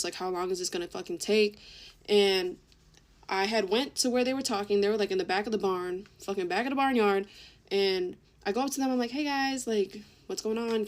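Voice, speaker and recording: A young woman telling a story in a casual, chatty way, swearing often and acting out what people said. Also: mid-range voice. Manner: chatty, swears a lot, acts out quoted voices. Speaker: vlogger.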